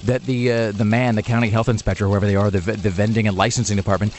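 A man's voice: lowish voice, flat delivery, darkish tone, slight background noise. A man co-hosting a casual talk show, rambling and sarcastic. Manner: rambling, sarcastic, quick talker. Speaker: co-host. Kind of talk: casual radio chat.

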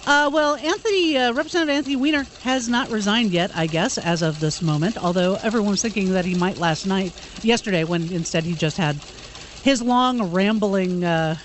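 A man's voice: sits high, brisk, a little hiss or hum. Dry male radio news reader. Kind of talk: reading news on talk radio. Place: radio studio.

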